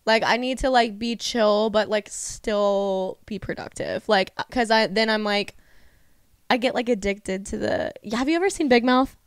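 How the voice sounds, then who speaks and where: A young woman co-hosting a podcast in casual chat, animated and agreeable, with lots of "like" and quick yeses. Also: mid-range voice, smooth, no echo. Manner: animated, agreeable, many "yes" and "like" backchannels. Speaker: podcast co-host, hairstylist.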